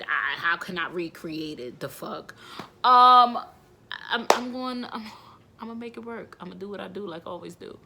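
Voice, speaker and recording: Young mom venting on her vlog, bright voice, rambles, goes from whispery to loud real quick. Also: lowish voice, a little hiss or hum. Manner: rambling and emotional, swinging from hushed asides to loud outbursts. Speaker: vlogger and mother. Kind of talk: candid talking-to-camera vlog.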